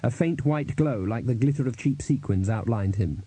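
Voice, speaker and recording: A man narrating an audiobook in a dry, measured storytelling manner. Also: medium pitch, animated, dark tone, husky, dry recording, rough recording.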